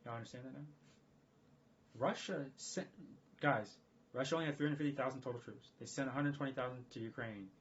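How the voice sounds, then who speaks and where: A man talking casually on a livestream in a rambling, profane, excitable way. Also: mid-range voice, brisk. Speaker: streamer. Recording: dull lo-fi stream audio.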